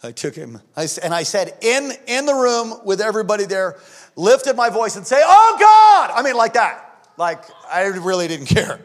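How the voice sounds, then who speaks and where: A middle-aged male pastor preaching a sermon, telling stories emphatically and swinging from hushed tones to shouts. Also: high-pitched, expressive, moderate pace. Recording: long hall reverb.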